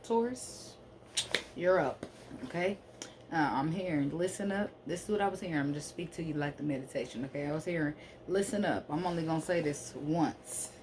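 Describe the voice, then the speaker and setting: A woman's voice: low-pitched, moderate pace, noisy background. A woman giving a casual tarot reading to camera, emphatic and blunt, and she keeps checking in with "okay?". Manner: blunt, sassy straight talk. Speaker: spiritual card reader.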